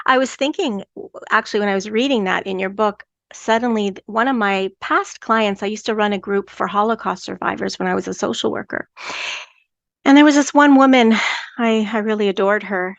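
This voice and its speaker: A woman's voice: medium pitch, fairly even intonation, normal speed, gravelly, dry recording, dull audio. Earnest woman podcast host, dry sound. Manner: earnest, with stammered restarts. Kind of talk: podcast conversation.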